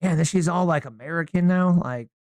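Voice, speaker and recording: Man, podcast co-host, high pitch, dry close sound, slangy, animated. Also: a little fast, dry recording. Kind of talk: casual podcast chat.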